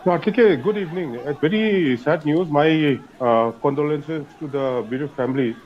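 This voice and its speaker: A man's voice: a little high, moderate pace, dull audio, a faint crowd, a little hiss or hum. A man, a colonel on a news debate panel, insistent and repetitive, pushing his point over others. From Manipur. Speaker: retired army colonel, panelist.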